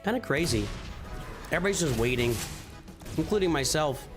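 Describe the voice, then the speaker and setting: A man's voice: on the high side, expressive, brisk. A man hosting a live stream, chatting casually and answering viewers' questions while he plays. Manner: rambling, answers viewers' questions, off-hand asides. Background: music.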